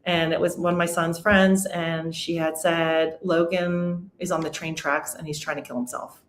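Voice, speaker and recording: Speaking at normal speed in a fairly low voice, a podcast guest in her forties shares a painful story from her life. She stays candid and steady through the difficult parts; the recording has roomy echo and a little hiss or hum.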